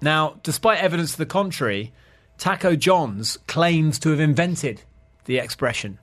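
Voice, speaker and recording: A man's voice: fairly high pitch, animated, normal speed. A man hosting a podcast, chatting as he tells a history segment. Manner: chatty, storytelling. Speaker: podcast host. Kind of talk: casual chat, telling a history segment.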